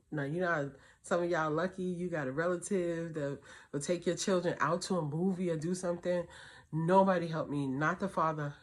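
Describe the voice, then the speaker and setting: Lively single mom telling her story. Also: low-pitched. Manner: animated storyteller, acts out her kids' and her own voices. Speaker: host. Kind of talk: casual advice talk.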